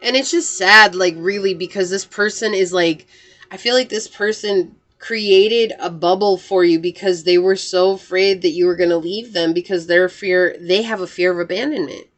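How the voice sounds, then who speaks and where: A woman's voice: fairly low pitch, normal speed, a bit bright. A woman reading tarot cards to camera in a casual, earnest way, full of "like" fillers. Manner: chatty and earnest, many "like" fillers. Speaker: tarot reader.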